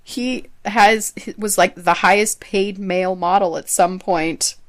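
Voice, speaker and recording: A woman's voice: medium pitch, fairly even intonation, slow. A young adult woman co-hosting a podcast in casual chat, chatty, laughing often and trailing off mid-sentence. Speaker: podcast co-host.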